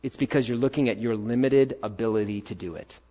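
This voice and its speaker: A male pastor delivering a sermon in a middle-pitched voice. He fires punchy rhetorical questions and swings between loud urging and quiet asides. The sound is dull and slightly muffled. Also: a little fast.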